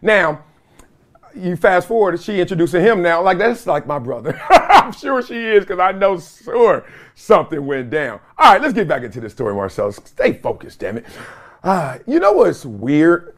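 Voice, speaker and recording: Animated high-voiced man telling stories. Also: moderate pace. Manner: animated storytelling with laughs and mimicked voices. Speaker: host. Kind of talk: comedic solo talk show monologue.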